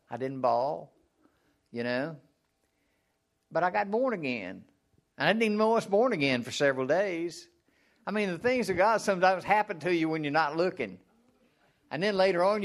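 A man preaches in a conversational style, quizzing his listeners and answering his own questions. Now and then he performs a mock prayer, his voice going high and strained.

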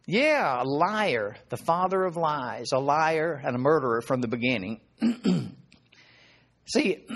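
A middle-aged man preaching in a relaxed, conversational way, his voice sitting a little higher than most men's. He poses rhetorical questions to his listeners and keeps stopping to clear his throat. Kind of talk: informal sermon.

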